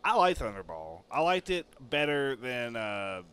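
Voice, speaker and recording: Blunt, lively joking co-host man. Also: mid-range voice, measured pace, clear, resonant tone. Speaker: podcast co-host. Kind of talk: casual chat.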